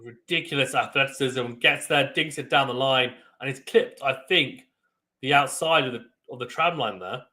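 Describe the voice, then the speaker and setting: A young man hosting a live tennis watchalong, giving excitable play-by-play with sudden bursts of loud surprise and chatting with viewers. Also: mid-range voice, normal speed. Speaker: watchalong host.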